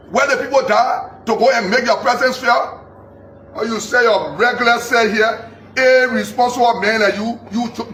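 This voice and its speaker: A man in an angry political rant, accusing and repeating himself, shouting at times. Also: extremely high pitch, slight background noise. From Liberia. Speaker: political commentator. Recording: echoey, distant mic with faint ambience.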